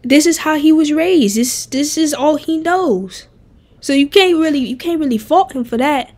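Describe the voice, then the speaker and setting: A woman streamer chatting casually and bluntly while ranking game characters, animated and profane. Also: sits high, moderate pace. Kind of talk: casual game tier-list chat.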